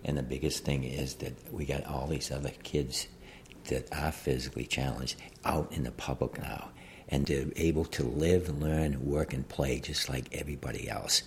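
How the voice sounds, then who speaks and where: Interviewee: man in his 70s, gravel-voiced and very low, plain halting speech. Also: steady tone, a little hiss or hum. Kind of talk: interview recollection.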